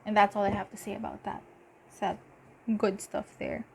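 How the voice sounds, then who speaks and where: A woman giving a casual tarot reading, talking in halting bursts with lots of fillers and giddy laughter. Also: mid-range voice, level tone, vocal fry, a little hiss or hum. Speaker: tarot reader.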